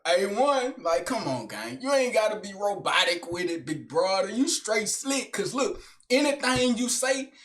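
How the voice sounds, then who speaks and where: A young man rambles through a joking solo monologue, full of street slang. His talk is animated and loose, and it swings between hype and mumbling asides. His voice sits high for a man. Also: moderate pace. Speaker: vlogger. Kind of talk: casual comedic monologue.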